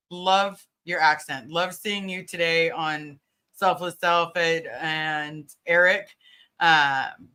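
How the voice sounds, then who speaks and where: A woman's voice: mid-range voice, bright, forceful tone. A woman hosting a casual livestream, earnestly greeting viewers by name and reassuring them. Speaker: livestream host.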